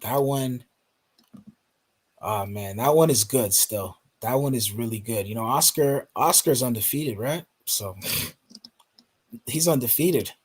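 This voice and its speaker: Laid-back husky man chatting. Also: mid-range voice, measured pace, long pauses. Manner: laid-back, says bro and man a lot. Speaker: panelist. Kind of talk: casual podcast chat.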